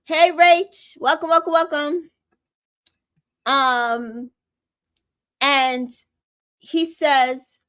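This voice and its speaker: Sassy woman host, slow and fairly high, reading out comments and weighing in. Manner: animated, sassy and opinionated, reads out comments. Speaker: recap show host. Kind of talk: casual recap chat reading viewer comments.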